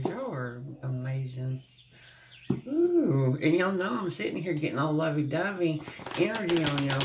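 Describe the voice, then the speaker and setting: A tarot reader talking viewers through a heartfelt card reading at an unhurried, drawn-out pace. The voice carries a gravelly fry, broken up by soft hums and sighs. The delivery is tender and close to tears. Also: medium pitch, noisy background. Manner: slow, gentle, often humming and sighing; speaks with emotion, close to tears at times.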